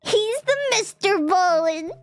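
A woman's voice: extremely high pitch, expressive, slow pace, no room sound, soft background music. A woman streamer chatting casually on a livestream, giggly and teasing, laughing often.

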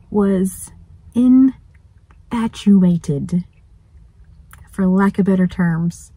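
A woman vlogger chats away outdoors beside a lake. Her voice is mellow and slightly breathy. She gushes freely and now and then drops to a soft whisper. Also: medium pitch, dry recording, rough recording. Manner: chatty and gushing, at times whispering. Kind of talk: casual chat.

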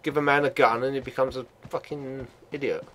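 A man's voice: medium pitch, fairly even intonation, brisk. Chatty older man commenting on gameplay. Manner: chatty and laughs easily, gets loud and sweary in action. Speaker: gaming channel host. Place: home computer desk.

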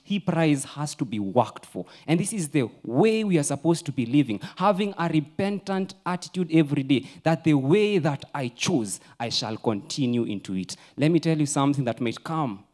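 A Kenyan man preaching a sermon in a church, mixing English and Swahili, swinging from loud urging to a near-whisper. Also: fairly high pitch. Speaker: pastor.

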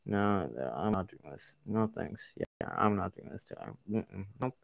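A young man giving frustrated gameplay commentary, muttering to himself and breaking into loud exasperated outbursts. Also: lowish voice, unhurried, gravelly. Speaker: gaming video creator.

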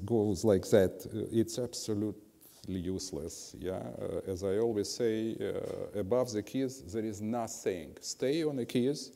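A man's voice: on the low side, warm tone. An older man coaching a piano student in a master class, direct and corrective in his instructions. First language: Russian. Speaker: piano teacher. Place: music school hall with a piano. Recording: reverberant hall.

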